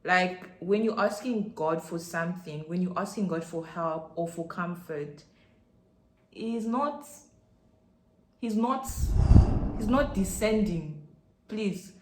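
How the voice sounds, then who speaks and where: Nigerian woman hosting a chatty faith podcast, gets excited, lowish voice, echoey room. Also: takes it slowly, long pauses, noisy background. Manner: excitable, chatty, addresses listeners as guys. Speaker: Christian podcast host. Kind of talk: casual faith talk.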